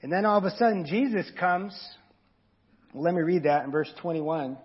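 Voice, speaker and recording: A man with a fairly high, husky voice preaches in an easygoing, earnest way, talking straight to his listeners. The sermon audio sounds dull and lo-fi. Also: moderate pace. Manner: informal, earnest, talks directly to the congregation. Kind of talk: conversational sermon.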